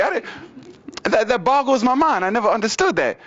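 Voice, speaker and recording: A young man doing open-mic stand-up comedy, casually telling stories, repeating "you know what I mean", with big pitch swings on punchlines. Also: sing-song, fairly quick, a bit bright. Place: small venue at an open mic, in front of an audience. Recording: muffled lo-fi live recording.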